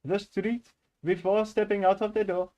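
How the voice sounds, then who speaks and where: A theatrical, sing-song Indian English accent, which a man puts on to read prose aloud. It sits noticeably higher and louder than his everyday voice. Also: little pitch movement, moderate pace, natural voice. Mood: playful. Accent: put-on Indian English. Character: man reading narration in a put-on Indian accent.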